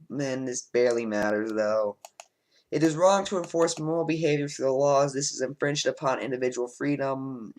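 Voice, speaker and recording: A man's voice: medium pitch, slight background noise, poor audio. A man and let's play host, reading quiz statements aloud and answering them bluntly, with frequent ums, on a home desk microphone.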